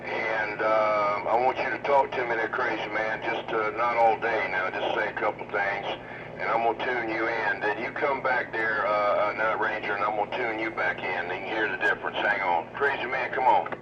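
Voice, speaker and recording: A man's voice: lowish voice, steady tone, moderate pace. A man running a CB radio station, chatting casually in a drawling way full of radio lingo. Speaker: CB radio operator at the receiving station. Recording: distant lo-fi CB radio with loud static.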